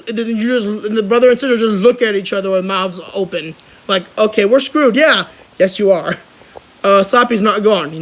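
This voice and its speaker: A young man chatting casually on his channel, rambling and excitable, with lots of restarts. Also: high-pitched, poor audio. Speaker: vlogger. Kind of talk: casual chat.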